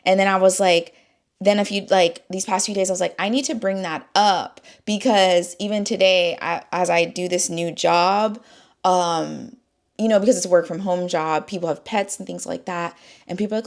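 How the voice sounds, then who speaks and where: A woman's voice: mid-range voice, moderate pace. A woman in her thirties talking candidly in a personal vlog, rambling and swearing casually, near tears at times. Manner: talks through grief, voice breaking near tears. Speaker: vlogger.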